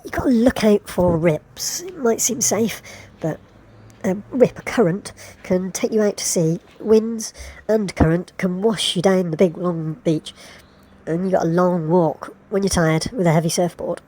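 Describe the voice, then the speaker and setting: A woman's voice: fairly low pitch, a little slow, mellow. A woman casually narrating a travel vlog about surf spots, chatty and laughing now and then.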